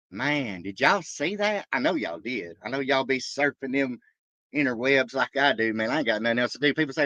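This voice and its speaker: A man live-streaming from a truck stop, rambling excitedly and cursing loosely while shouting out his viewers. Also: medium pitch, a little fast, no room sound, muffled recording. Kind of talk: casual rambling livestream chat.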